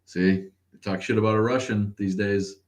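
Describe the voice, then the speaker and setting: Low-voiced sarcastic, profane male host. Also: fairly even intonation, moderate pace. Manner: profane, sarcastic, laughs often. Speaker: podcast host. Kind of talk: casual livestream chat.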